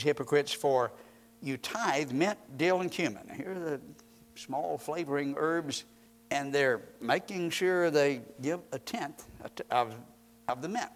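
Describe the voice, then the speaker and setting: A man preaching a sermon, emphatic and rising in force on repeated points, quoting scripture at a slower, measured pace. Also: on the high side.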